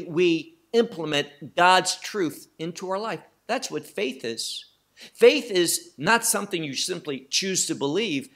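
Slow, emphatic male Bible teacher. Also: high-pitched, fairly bright tone. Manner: slow, emphatic, rhetorical questions.

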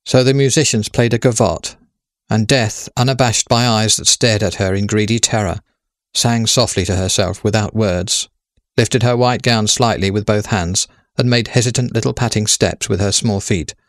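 A man narrating a story in a measured, steady way. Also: lowish voice, no room sound, studio quality.

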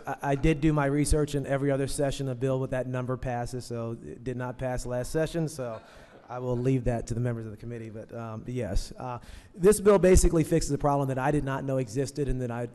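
A man presents a bill to a committee in a mellow, warm voice. He talks conversationally with a light joking touch. The hall around him gives a long, echoey tail. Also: medium pitch. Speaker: state legislator presenting a bill. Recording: echoey hearing room.

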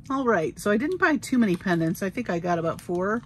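A woman's voice: mid-range voice, very animated, a little fast, a little hiss or hum. A woman showing her bead haul in a casual, gushing, chatty way. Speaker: crafting vlogger. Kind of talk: casual show-and-tell haul.

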